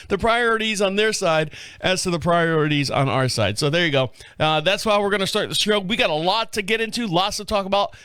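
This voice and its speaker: A male podcast host rambles casually in a folksy, jokey way. His voice sits a touch high and sounds smooth and clear. It is close-miked in a dry studio. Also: fairly bright tone, no echo. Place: small radio studio. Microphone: studio microphone.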